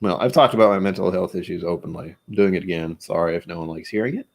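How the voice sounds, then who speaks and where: Here a low-pitched man speaks at a quick pace while hosting an informal whiskey tasting vlog. Chatty and rambling, he makes fun of himself and gets tongue-tied when he reads aloud.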